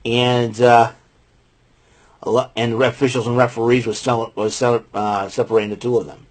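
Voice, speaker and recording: Male host, husky voice, loose rambling recap with lots of "uh" and "you know". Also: mid-range voice, little pitch movement, normal speed. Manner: rambling, many fillers and restarts. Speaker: podcast host recapping wrestling. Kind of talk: casual spoken recap.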